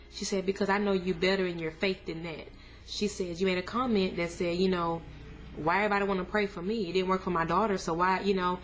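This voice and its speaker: A young woman candidly telling her viewers a painful personal story, earnest and plain-spoken, her voice climbing high when she recalls her anger. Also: fairly bright tone, slight background noise. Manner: casual, addresses viewers as y'all. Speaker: vlogger sharing a family update. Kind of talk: emotional personal storytelling to camera.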